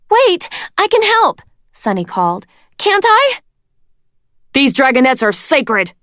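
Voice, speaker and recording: Woman narrator reading a fantasy book, low voice, slow and dry close sound. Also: no room sound. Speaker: reader. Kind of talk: storybook read-aloud narration.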